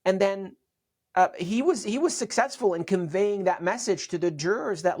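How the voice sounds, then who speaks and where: Interview guest: middle-aged man, earnest, halting repetitions. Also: high-pitched, lively intonation, darkish tone, breathy edge. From Syria. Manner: earnest, repeats and restarts words. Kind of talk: interview storytelling.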